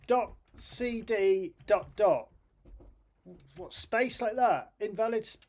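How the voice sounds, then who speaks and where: A man's voice: high voice, animated, slow pace. A middle-aged man streaming live, who talks through his computer troubles, swears in frustration and laughs at himself. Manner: exasperated, self-deprecating, swears and laughs at himself. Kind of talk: live-stream chat while programming.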